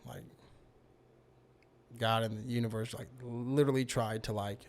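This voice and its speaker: A man's voice: medium pitch, level tone, moderate pace, a little mellow. A man telling a long personal story on a podcast as the guest, rambling with lots of "you know" and "like". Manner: rambling, heavy use of fillers like "you know". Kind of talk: casual storytelling.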